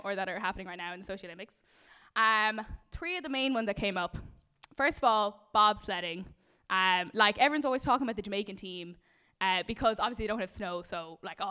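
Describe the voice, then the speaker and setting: A young Irish woman on a comedy panel show, improvising a rambling bit and laughing at her own jokes. Her voice is smooth and clear, sitting a little high. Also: a bit bright. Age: young adult. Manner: rambling, self-mocking, giggly.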